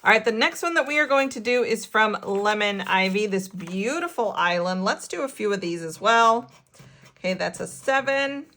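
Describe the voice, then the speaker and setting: An excitable woman hosting a casual budgeting vlog, counting cash aloud and narrating her savings. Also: medium pitch, normal speed. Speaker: budgeting channel host.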